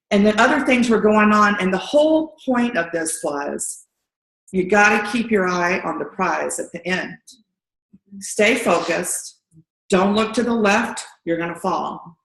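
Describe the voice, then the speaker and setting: A middle-aged woman giving an earnest testimonial at a training meeting, telling her story lively and acting out quotes. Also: medium pitch, unhurried. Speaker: distributor sharing a story. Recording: echoey room.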